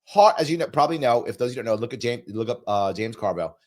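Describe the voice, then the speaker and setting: Guy ranting on his political stream, big swings in pitch, pushy and repetitive, bit of a cold. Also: animated, very fast. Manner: emphatic, repetitive, reads viewer super chats. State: recovering from a cold, coughing. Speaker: political commentary host. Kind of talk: animated political commentary livestream.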